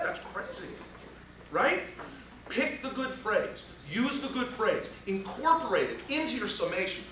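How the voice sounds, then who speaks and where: A man lecturing a room of lawyers, his high, bright voice leaping up and down as he throws out rhetorical questions and salty asides. He is heard from some way off in a very echoey room. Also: recorded from a distance, a little hiss or hum. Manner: animated, rhetorical questions, blunt and profane. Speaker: criminal defense trial instructor. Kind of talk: live workshop lecture. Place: training room with audience.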